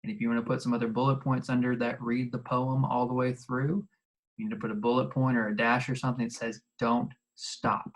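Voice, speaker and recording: A man teaching a recorded video lesson, talking casually and repeating instructions slowly so students can write them down. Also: medium pitch, little pitch movement, low-quality recording.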